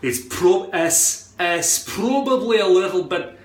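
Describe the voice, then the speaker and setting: A man's voice: high-pitched, lively intonation, takes it slowly, reverberant. A man doing a playful put-on Scottish accent, swearing now and then, while casually explaining how to attach a hairpiece in front of a mirror at home. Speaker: hairpiece vlogger.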